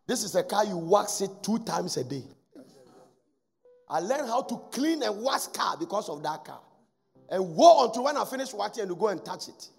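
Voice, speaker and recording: A man preaching a sermon as pastor, swinging between loud exhortation and hushed asides. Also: high voice, very animated, normal speed, gravelly, breathy edge. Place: church hall. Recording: echoey church hall with faint music. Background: faint music.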